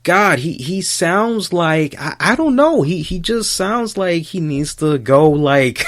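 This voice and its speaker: Male podcast host, slow and profane, rambling rant, slightly high pitch. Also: expressive, a bit bright, slight background noise.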